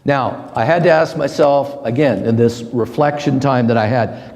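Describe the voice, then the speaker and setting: A middle-aged man giving a slow, halting, earnest personal testimony to a men's group. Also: medium pitch, a little mellow. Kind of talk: reflective personal testimony talk. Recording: long hall reverb.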